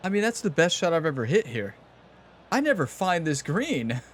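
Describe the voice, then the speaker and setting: Young man, casual gameplay commentary, chatty, talks to viewers, a bit high. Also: sing-song, normal speed, fairly bright tone, a little hiss or hum. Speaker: gaming channel host.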